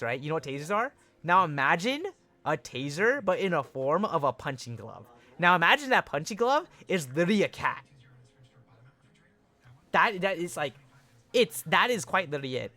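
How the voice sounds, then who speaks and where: A young man hosting a casual live stream, chatting excitedly with viewers, swearing and laughing as he reacts to chat. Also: fairly high pitch, no echo. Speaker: livestream host.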